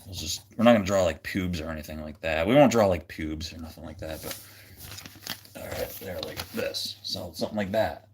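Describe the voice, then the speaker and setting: A man's voice: deep voice, fast, a little mellow, a little hiss or hum. A man hosting a casual livestream, rambling with lots of fillers and restarts and a jokey, goofy manner. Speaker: livestream host.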